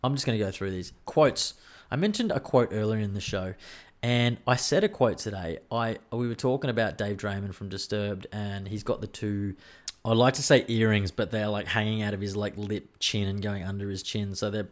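An Australian man with a fairly low voice hosts a solo podcast. He chats casually and rambles, swears freely and pokes fun at himself. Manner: rambling, profane, self-mocking banter. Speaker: podcast host.

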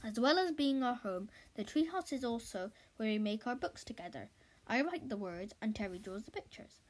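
A woman's voice: a little high, normal speed. Woman reading a children's book aloud. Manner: lively, playful storytelling.

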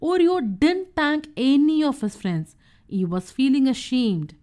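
A woman with a high voice reads a children's story aloud. Her reading is clear, gentle and expressive, made for young listeners. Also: a little slow.

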